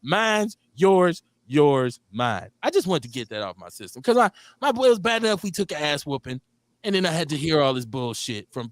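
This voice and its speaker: A middle-aged man from Milwaukee, hosting a casual radio talk show in an animated, profane way, laughing often. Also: mid-range voice, dry recording. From Milwaukee, Wisconsin. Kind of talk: casual chat.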